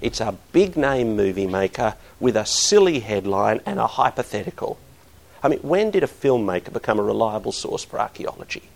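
A man's voice: on the low side, very animated, normal speed, vocal fry. A middle-aged man preaching a sermon, earnest and building to emphatic bursts.

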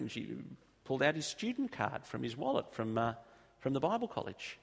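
A middle-aged Australian man preaching a sermon, telling stories and repeating phrases for emphasis, slowing down on key points. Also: medium pitch, animated, gravelly, breathy edge. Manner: storytelling, emphatic repetition, slows down for key points. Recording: long reverb of a large hall.

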